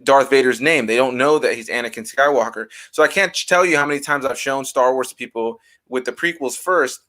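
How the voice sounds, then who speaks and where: A man's voice: mid-range voice, fairly quick. Young man telling fan stories animatedly. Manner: animated storyteller, acts out quoted reactions. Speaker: guest. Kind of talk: casual chat.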